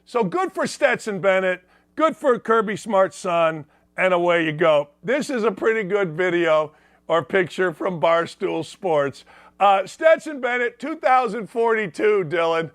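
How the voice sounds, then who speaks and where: A brash, mocking sports talk host with a fairly high voice, pushing his opinions hard at his viewers. The mic is close and dry, with no room sound at all. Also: animated, unhurried, fairly bright tone, dry recording.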